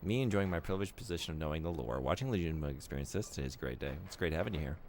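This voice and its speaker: A man's voice: rumbling low, expressive, racing, a little mellow, slight background noise. A young man streaming a game, joking and teasing his viewers in casual chat.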